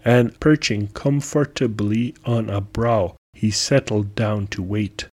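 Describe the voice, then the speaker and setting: A man narrating a folktale for a podcast with measured, deliberate storytelling. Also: fairly low pitch, steady tone, darkish tone.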